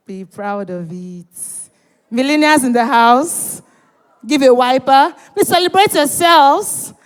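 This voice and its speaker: Holding a handheld mic, a high-voiced woman emcees a live event with animated, playful banter, teasing the audience and urging them to respond and cheer. The long reverb of a large hall rings around her voice.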